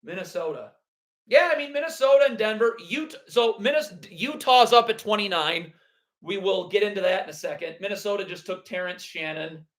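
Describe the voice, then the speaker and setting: High-voiced man ranting on a livestream. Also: animated, moderate pace, a bit bright. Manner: blunt, ranting, sarcastic. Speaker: basketball livestream host. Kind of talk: live draft reaction stream.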